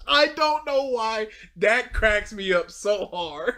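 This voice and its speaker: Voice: medium pitch, lively intonation, takes it slowly, sharp tone. A co-host giving mocking, giggly commentary on clips. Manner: mocking, giggly, plays along. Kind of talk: comedic clip commentary.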